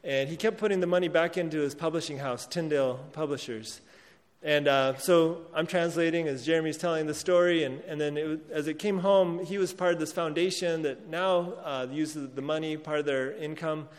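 Man, pastor, earnest sermon, higher-pitched voice, reverberant hall. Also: steady tone, moderate pace. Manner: earnest, reads scripture aloud with rising emphasis.

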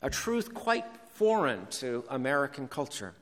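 A male preacher delivers a sermon slowly and deliberately, leaning on key words. His voice is bright and a bit high, carried by the long reverb of a hall. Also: sing-song.

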